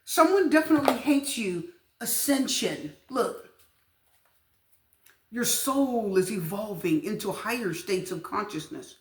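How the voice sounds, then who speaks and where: A woman's voice: medium pitch, expressive, a little slow, reverberant, slight background noise. Chatty woman giving a tarot reading. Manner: chatty, emphatic, repeats points to viewers. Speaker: tarot reader. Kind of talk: casual tarot reading to camera.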